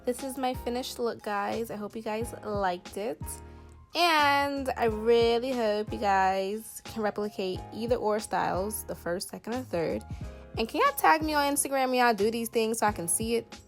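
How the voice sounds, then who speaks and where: A twenty-something beauty vlogger with a Southern US country accent gives a hair tutorial as a casual chat to camera, speaking at a moderate pace in a fairly high voice. Her manner is playful and emphatic, with many fillers, over soft background music.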